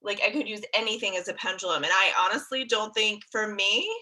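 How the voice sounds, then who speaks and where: A woman's voice: medium pitch, a little fast, pushed and bright, rough recording. A young adult woman hosting a live interview, chatting casually with frequent laughter. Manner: chatty, laughs often, upbeat. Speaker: host.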